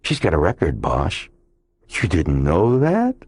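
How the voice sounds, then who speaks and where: A man's voice: low voice, wildly swooping pitch, unhurried, darkish tone, husky, heavily acted. A man voicing a sneering, bullying detective. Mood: taunting. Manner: sneering and mocking. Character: bullying, taunting male police detective.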